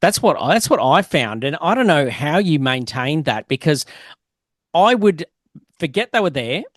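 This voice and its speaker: A man's voice: fairly high pitch, big pitch swings, normal speed, dry recording, clean studio sound. A man hosting a casual podcast interview, chatty and self-deprecating, laughing often. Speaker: podcast host.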